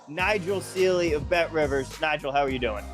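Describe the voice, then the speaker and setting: A man's voice: fairly high pitch, fairly quick, faint music behind. An American man hosting a sports betting podcast, talking upbeat and casual with frequent restarts. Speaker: podcast host.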